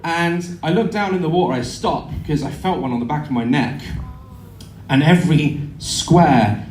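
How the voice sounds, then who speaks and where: A man telling a comic story to a live audience, animated and sweary, acting out voices and screams. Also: fairly high pitch, moderate pace, slight background noise. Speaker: live show performer. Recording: echoey venue, heard from afar. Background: audience laughter.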